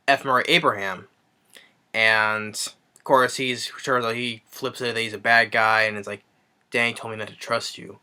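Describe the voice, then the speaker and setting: Bright-voiced man rambling through a movie recap. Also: medium pitch, smooth. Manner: rambling, eager retelling with many restarts and fillers. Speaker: movie reviewer. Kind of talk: casual spoken movie review.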